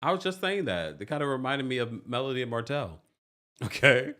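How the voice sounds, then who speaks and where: Animated man hosting a recap livestream. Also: fairly quick. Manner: animated, laughs often, jumps into high squeals. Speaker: host of a reality TV recap livestream. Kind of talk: casual livestream chat reading super chats.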